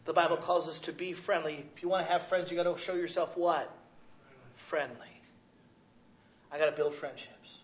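Male pastor, sermon, loudmouth conversational delivery, slightly high voice, muffled lo-fi sound. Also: steady tone, moderate pace, long pauses. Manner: loud, conversational preaching with frequent "right?" asides.

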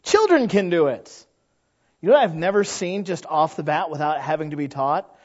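A man in his thirties preaches with a fairly high voice, acting out the people in his stories. The recording sounds a little dull and lo-fi. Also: moderate pace. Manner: animated storyteller who acts out quoted voices. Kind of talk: sermon.

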